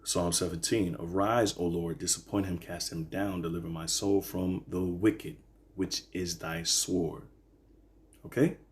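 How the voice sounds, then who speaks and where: A man teaching from the Bible in a casual, halting way, reading verses slowly and filling pauses with "all right" and "okay". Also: deep voice, fairly even intonation. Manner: reads verses slowly then explains. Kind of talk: informal scripture teaching.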